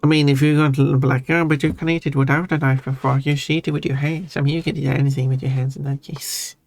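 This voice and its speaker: Streamer guy, mid-pitched, halting casual chat with viewers, soft music behind. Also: level tone, no room sound. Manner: halting, restarts often, chuckles while answering chat. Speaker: livestream host. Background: faint background music.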